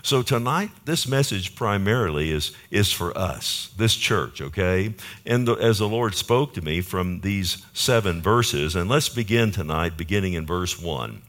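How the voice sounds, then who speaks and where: A man's voice: low voice, animated, measured pace, fairly bright tone. A male pastor preaching a conversational sermon to his church, asking the congregation rhetorical questions.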